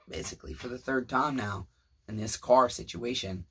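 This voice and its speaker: Man in his 30s, Southern US accent, profane preachy storyteller, forceful, husky, small shed. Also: medium pitch, lively intonation, a little fast. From Tennessee, US. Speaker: channel host. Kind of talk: rambling storytelling vlog.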